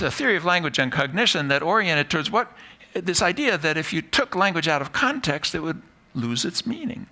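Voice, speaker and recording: A man's voice: medium pitch, gravelly, sharp tone. A man, a psychology professor, giving a live talk to an audience in a playful, self-mocking way. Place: stage before a live audience.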